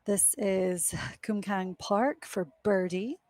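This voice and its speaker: A woman's voice: medium pitch, slow pace, a little mellow, dry recording. A young woman doing live golf commentary outdoors on a windy course, chatty and self-deprecating.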